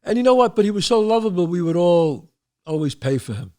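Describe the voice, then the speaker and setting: A man's voice: high-pitched, a little fast. New guy telling wild stories, voice all over the place, does the voices. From the Bronx, New York. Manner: animated, acts out voices, trails off mid-sentence. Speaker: host. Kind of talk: storytelling.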